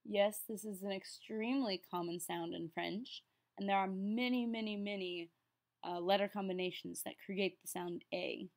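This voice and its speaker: An upbeat, encouraging woman explains French to her students, her pitch sitting in a middle range. She slows down and carefully sounds out each French word before picking up her speaking pace again. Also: steady tone, vocal fry, darkish tone. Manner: patient, slows down to enunciate French words. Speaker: French teacher. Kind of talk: classroom lesson explanation.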